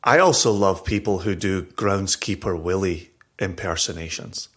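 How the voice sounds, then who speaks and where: A man's voice: deep voice, moderate pace, fairly bright tone. A middle-aged man with a Scottish accent, co-hosting a podcast in casual, joking chat. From Scotland. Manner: chatty, self-deprecating, laughs often. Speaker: podcast co-host.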